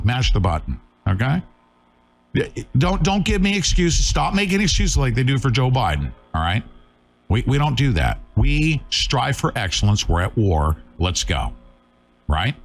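Male talk show host, middle-aged, urgent, scolding, lively swinging pitch. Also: measured pace. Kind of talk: live online talk show.

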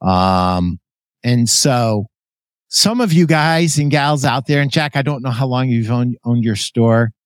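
A man hosting a podcast, telling stories from his career in a blunt, animated way, swearing freely and acting out what others said. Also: mid-range voice, a little slow, dry recording. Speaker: podcast host. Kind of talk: casual storytelling chat.

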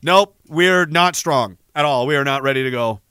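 A man's voice: fairly high pitch, normal speed, pushed and bright, smooth, no echo, clean studio sound. A young man hosting a show, delivering a heated, profane, rambling monologue full of restarts. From Canada. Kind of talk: ranting casual monologue.

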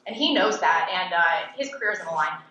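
A woman who is a political commentator and podcast host, answering interview questions in a blunt, sarcastic and animated way. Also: on the low side, a little fast, a little hiss or hum. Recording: echoey, dull-toned room recording.

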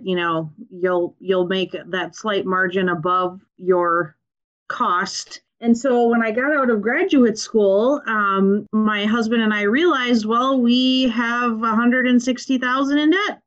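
A woman's voice: medium pitch, steady tone, moderate pace, lo-fi sound. A woman from Minnesota with a Minnesotan accent, chatting upbeat as a podcast guest with many fillers. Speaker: guest, nurse practitioner and money coach. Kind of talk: casual podcast interview.

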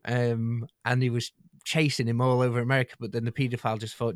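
A man's voice: medium pitch, little pitch movement, fast, no room sound, studio quality. A man rambling and hesitating through a casual comedy podcast chat. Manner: rambling, hesitant, tangent-prone. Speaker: podcast co-host.

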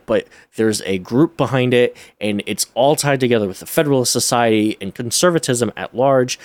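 A man's voice: fairly low pitch, no room sound. A man in his thirties co-hosting a casual podcast, wry and self-mocking while he explains things at length. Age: 30s. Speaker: podcast co-host.

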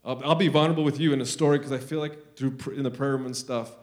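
A middle-aged man preaching a sermon, intense and earnest, moving between quiet confessions and loud declarations. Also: mid-range voice, steady tone, fast talker. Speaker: pastor.

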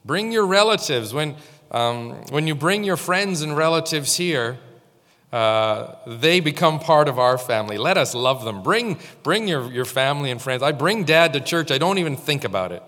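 In a church with long hall reverb, a male pastor delivers an informal, conversational sermon, telling stories and addressing the congregation directly. His voice is on the high side and fairly bright, with lively intonation at a normal speed.

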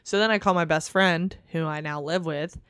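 A woman telling a long personal story in casual podcast chat, profane and animated, full of likes. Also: deep voice, normal speed, clear, resonant tone, no echo, studio quality.

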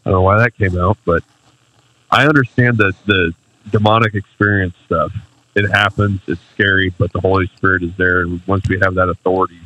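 A man's voice: low voice, steady tone, a little fast, pushed and bright, dry recording. A man co-hosting a podcast, sharing a reflective personal testimony in casual talk. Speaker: podcast co-host. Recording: dull lo-fi mic.

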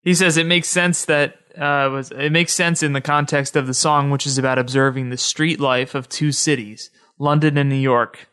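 A man's voice: a little high, steady tone, normal speed, hardly any pauses, sharp tone, clean tone. A man hosting a podcast alone, talking to listeners in a chatty, easygoing way. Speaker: podcast host. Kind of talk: casual solo podcast monologue.

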